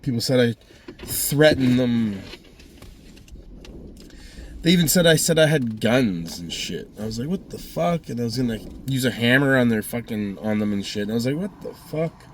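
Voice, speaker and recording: A man rants through a long personal story. His delivery is profane, heated and rambling, and his voice sits at an ordinary middle pitch for a man. He talks straight to his viewers in a vlog. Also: normal speed, long pauses, a little hiss or hum. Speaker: vlogger.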